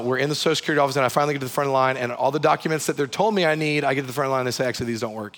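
A man's voice: medium pitch, a bit bright. A man in his thirties, a pastor preaching in a church, talking conversationally with repeated phrases and wry humorous asides. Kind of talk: sermon.

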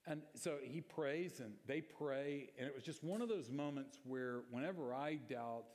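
Guy preaching a sermon, tells stories then gets fired up, middle pitch, big hall reverb. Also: unhurried, darkish tone. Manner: storytelling, then impassioned exhortation. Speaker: pastor.

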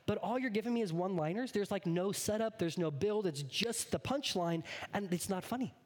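A man preaching a sermon as a pastor, earnest, sometimes dropping to a hushed whisper. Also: high voice, fast, few pauses, breathy edge.

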